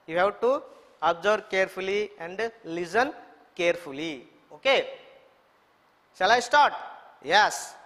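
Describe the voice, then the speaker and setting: A man's voice: high voice, animated, unhurried, pauses often, bright, forceful tone. A man with an Indian English accent teaching a children's English lesson, repeating words and spelling them letter by letter. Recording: echoey room reverb.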